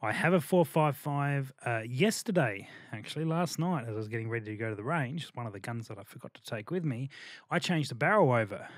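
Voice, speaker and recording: A man's voice: mid-range voice, lively intonation, brisk, no echo. A man hosting a casual podcast chat, laid-back and laughing often. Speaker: podcast host.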